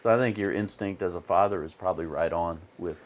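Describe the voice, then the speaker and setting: Male actor, from Arkansas. Animated, chatty storyteller; lowish pitch, a touch distant from the mic. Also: fast talker. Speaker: actor, podcast guest. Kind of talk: casual chat.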